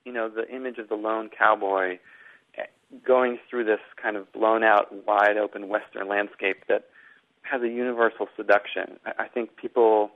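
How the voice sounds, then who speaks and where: A man's voice: lowish voice, steady tone, normal speed. A middle-aged man from Boston, an author answering interview questions in a rambling way, often repeating words. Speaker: author and guest. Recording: phone-like remote line.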